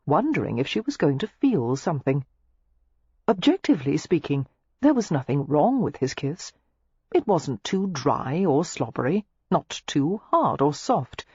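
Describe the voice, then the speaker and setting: A woman narrating a romance novel audiobook with expressive storytelling. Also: deep voice, breathy edge, no echo. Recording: slightly muffled, dry lo-fi recording.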